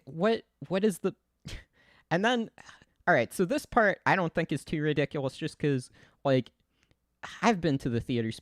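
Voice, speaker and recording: A man's voice: fairly high pitch, no echo, clean studio sound. Rambling, giggly young man streaming. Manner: rambling, giggly, lots of fillers and restarts. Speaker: livestreamer. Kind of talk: casual stream commentary. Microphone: desk mic, untested.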